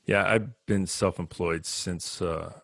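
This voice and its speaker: A man in his fifties with a New Jersey accent, talking as a guest on an interview podcast in a relaxed, reflective way. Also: low voice, slow, vocal fry, dry recording, clean studio sound. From northern New Jersey. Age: 50s. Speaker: podcast guest, business consultant. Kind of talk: casual interview talk.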